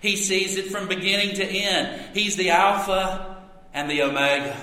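Pastor, male, middle-aged, earnest emphatic sermon delivery, slightly high, bright tone, reverberant church sanctuary. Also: steady tone, normal speed. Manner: earnest, emphatic preaching with rising and falling volume. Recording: echoey hall reverb.

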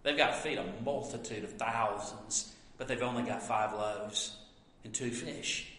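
A man preaching a sermon, swinging between loud emphatic lines and hushed asides. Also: lowish voice, unhurried, echoey room, long reverb tail, a little hiss or hum. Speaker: pastor.

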